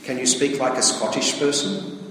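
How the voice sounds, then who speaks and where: A man's voice: mid-range voice, expressive, moderate pace, a bit bright, a little hiss or hum. A man giving a plain-spoken, conversational sermon as a priest, often checking in with his listeners. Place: church. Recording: distant, echoey church recording.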